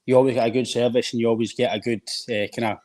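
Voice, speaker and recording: A man's voice: mid-range voice, level tone, very fast, darkish tone. Laid-back Scottish man bantering. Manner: laughs easily, friendly banter. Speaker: podcast co-host. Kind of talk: casual live podcast chat.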